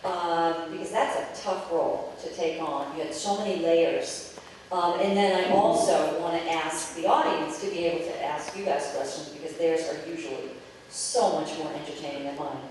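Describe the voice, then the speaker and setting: Woman, moderator, fumbling questions, lowish voice, echoey hall, distant mic. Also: a little mellow, slight background noise. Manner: halting, restarts questions. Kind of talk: asking questions. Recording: roomy hall audio from far off.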